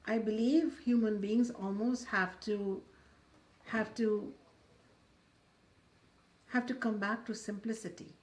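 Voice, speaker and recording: A woman's voice: mid-range voice, steady tone, slow, pauses often, darkish tone. Woman giving a spiritual talk. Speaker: spiritual teacher. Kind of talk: spiritual talk with storytelling and guided meditation.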